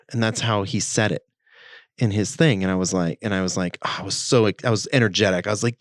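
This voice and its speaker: In a relaxed podcast conversation, this male co-host narrates a story and performs the quotes with lots of animation. He speaks in a low voice at a fairly quick pace, and the studio-quality recording has no echo.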